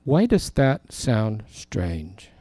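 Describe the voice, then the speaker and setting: A middle-aged man, a pastor, preaching a sermon and telling a story in an animated way, acting out the people he quotes. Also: on the low side, extremely slow, no echo.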